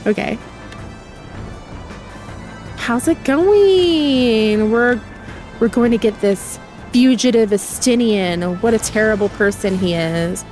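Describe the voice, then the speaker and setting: Young woman gaming streamer, chatty n excitable, takes her time, faint music behind. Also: fairly high pitch, slow, pauses often. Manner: chatty, excitable, gasping and fangirling. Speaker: game streamer. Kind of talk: casual gameplay chat.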